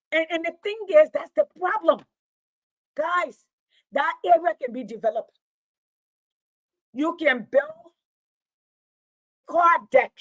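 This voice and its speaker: A woman with a fairly high voice speaks in a forceful, impassioned monologue. She lectures her listeners like a teacher, hammering points home by repeating them. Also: dry recording, low-quality recording. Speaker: teacher and online commentator.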